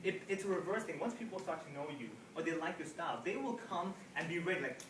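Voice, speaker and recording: Male comedy workshop teacher, lively and joking, slightly high voice, distant mic in a roomy, noisy room. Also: fast talker. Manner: lively, joking, acts out examples. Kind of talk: animated workshop talk. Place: room with a live audience.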